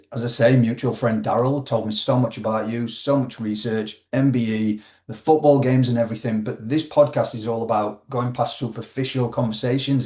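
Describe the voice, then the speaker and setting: A man's voice: mid-range voice, a little mellow. Chatty Yorkshire man in a roomy space. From Yorkshire, England. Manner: chatty, says "mate" often. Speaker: podcast host. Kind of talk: casual interview chat.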